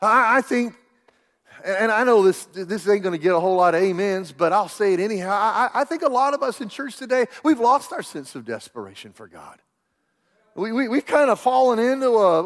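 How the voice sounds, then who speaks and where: Preacher in his sixties, high-pitched, passionate, stammers and restarts, church reverb. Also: expressive, fairly quick. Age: 60s. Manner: impassioned, stammering restarts, swings from loud cries to hushed whispers. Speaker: pastor. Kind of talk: sermon. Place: church sanctuary. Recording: long hall reverb in a church.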